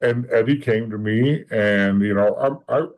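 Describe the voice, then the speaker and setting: A man's voice: lowish voice, a little slow, lo-fi sound. A man being interviewed as a podcast guest, telling a long story casually and bluntly, often restarting and repeating words. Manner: blunt and matter-of-fact.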